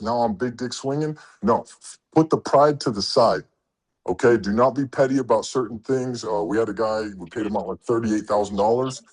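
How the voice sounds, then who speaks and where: A man coaching truckers in a blunt, profane motivational talk, acting out quoted exchanges as he goes. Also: mid-range voice. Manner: blunt, swears a lot, acts out quoted exchanges.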